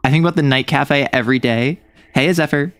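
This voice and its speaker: A man's voice: mid-range voice, brisk, fairly bright tone, clear, resonant tone, no echo, soft background music. A young man from the United States streaming a casual chat, rambling and joking, often cutting himself off mid-thought. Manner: rambling, jokey, self-interrupting.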